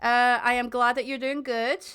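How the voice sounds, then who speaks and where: A woman's voice: on the high side, little pitch movement, moderate pace, sharp tone, smooth. A Scottish woman streaming a game, chatty and giggly, mocking her own stumbles while reading aloud. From Scotland.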